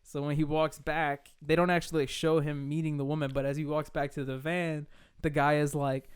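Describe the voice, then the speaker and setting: Chatty young man, smooth slightly high voice. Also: level tone, fairly quick. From Queens, New York. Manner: loose storytelling with many likes and laughs. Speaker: podcast co-host. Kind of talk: casual podcast chat.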